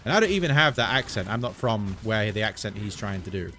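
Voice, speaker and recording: A man's voice: on the low side, sing-song, fairly quick, bright, forceful tone. Chatty English man streaming a game. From England. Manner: chatty and digressive. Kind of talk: casual live-stream chat while gaming.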